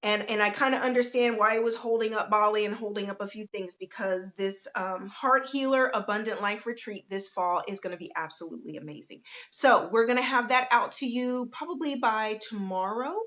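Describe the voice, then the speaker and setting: A woman's voice: mid-range voice, fairly quick, few pauses, a bit bright. Chatty woman on a lo-fi livestream. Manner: chatty, greets viewers by name, down-to-earth. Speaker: host, life coach. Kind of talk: casual livestream chat. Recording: lo-fi livestream audio.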